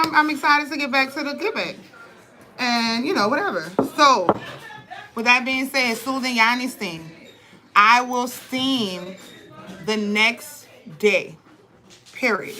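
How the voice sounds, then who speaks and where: Bright-voiced woman talking bluntly. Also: fairly high pitch, a little hiss or hum, low-quality recording. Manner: blunt, profane, animated storytelling. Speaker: vlogger, birth advocate. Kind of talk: candid casual talk to camera.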